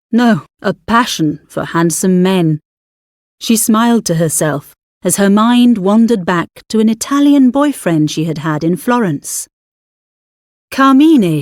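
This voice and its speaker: A woman narrating an audiobook story in a measured, expressive manner. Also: lowish voice, no room sound, studio quality.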